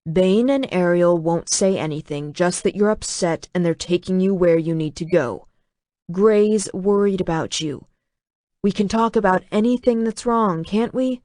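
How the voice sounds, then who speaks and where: A woman voicing a commanding male dragon lord who speaks in a quiet, controlled way. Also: on the low side, animated, slow pace, no room sound, studio quality. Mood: coaxing. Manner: quiet, controlled, turns coaxing.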